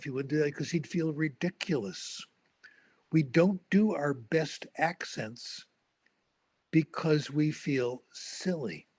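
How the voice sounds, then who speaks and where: Older male linguist, husky voice, dry close sound, wry anecdotal lecture manner. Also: fairly high pitch, a little mellow, no room sound. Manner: storytelling, wry, tags points with "okay?".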